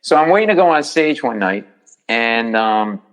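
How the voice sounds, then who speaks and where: A middle-aged man, a comedian, telling stories as a podcast guest in a lively way and acting out the other people's voices. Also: medium pitch, moderate pace, rough recording. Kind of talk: podcast storytelling.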